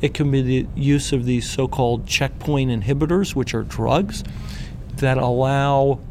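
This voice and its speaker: A man's voice: medium pitch, a little slow, warm tone. Thoughtful male researcher, faint hiss. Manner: thoughtful, restarts phrases. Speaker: cancer researcher. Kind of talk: interview answer.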